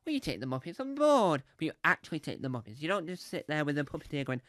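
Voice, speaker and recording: Rambling, lively stand-up man. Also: a little high, fast talker, few pauses, dry recording, studio quality. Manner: rambling, full of fillers and restarts, playful. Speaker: stand-up comedian. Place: comedy club stage.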